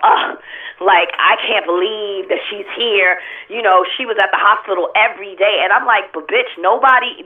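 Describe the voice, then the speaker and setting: Blunt, profane woman on a tinny phone line. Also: medium pitch. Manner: blunt, profane, animated storytelling. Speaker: interview guest. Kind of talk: candid interview talk.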